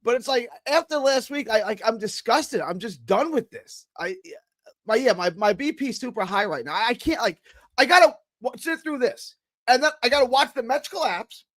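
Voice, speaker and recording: A man ranting on a casual sports talk show, plainly exasperated and stumbling over restarts. His voice sits high and swings widely up and down. The sound is close and dry, with no room in it. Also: expressive, moderate pace, fairly bright tone, no room sound.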